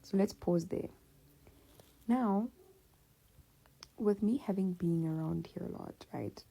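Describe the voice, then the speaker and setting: A woman's voice: on the low side, takes it slowly, creaky, slightly rough. A woman telling a personal story in a casual, slangy, conversational way. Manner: slangy, conversational, animated retelling.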